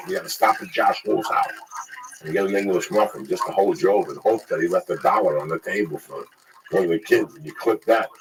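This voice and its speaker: A man's voice: lowish voice, distant mic. A man in casual profane chat, telling blunt stories with acted quotes about hustling. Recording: noisy recording.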